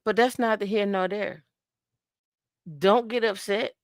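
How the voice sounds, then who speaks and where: A woman co-hosting a podcast in casual talk, an emphatic, lively storyteller who acts out the dialogue and repeats her advice for effect. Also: medium pitch, unhurried, dry recording, clean studio sound. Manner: emphatic, repetitive advice-giving. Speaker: podcast co-host.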